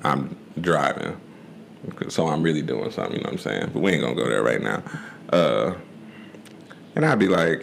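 A man's voice: very deep voice, big pitch swings, normal speed, gravelly, pauses often, slight background noise. A man co-hosting a podcast, telling stories in laid-back slang and laughing often. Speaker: podcast co-host. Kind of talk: casual chat.

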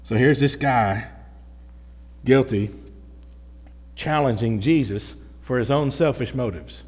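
A man preaching a sermon as pastor, talking to the congregation in an energetic, conversational way with frequent restarts. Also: mid-range voice, slow. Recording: hall reverb.

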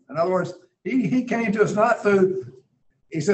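A man's voice: sits high, moderate pace, low-quality recording. A man teaching a Bible class in a conversational way, earnest and emphatic, thinking aloud as he reads scripture.

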